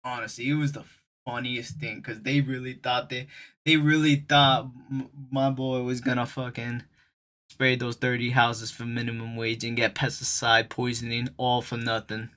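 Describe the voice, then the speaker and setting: A man's voice: mid-range voice, level tone, normal speed, pushed and bright. A young man telling a story on his stream, talking casually in loose slang and speaking straight to his viewers.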